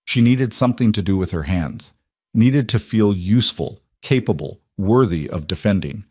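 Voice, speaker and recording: A male storyteller reading a frontier tale in a measured, deliberate way. His voice sits on the low side and is recorded dry and close, with no room sound. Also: expressive, darkish tone, husky, dry recording. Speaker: narrator. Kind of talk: scripted western story narration.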